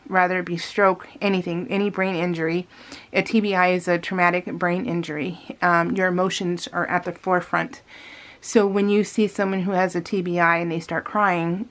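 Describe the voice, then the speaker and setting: Chatty rambling woman vlogger. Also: medium pitch. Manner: rambling, chatty, many restarts and fillers; talks straight to viewers. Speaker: scrapbooking vlogger. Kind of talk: casual voice-over storytelling.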